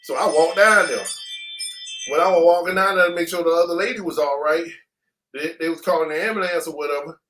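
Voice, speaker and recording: High-pitched male guest, animated slangy storyteller who voices the sound effects. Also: fairly quick, slight background noise. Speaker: interview guest. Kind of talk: casual storytelling.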